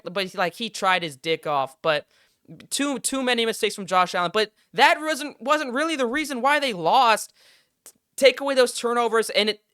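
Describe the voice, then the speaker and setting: A man's voice: high-pitched, sharp tone, clear, resonant tone, no echo, clean studio sound. A young man hosting a podcast, ranting in heated, frustrated casual sports commentary and swearing freely. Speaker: podcast host.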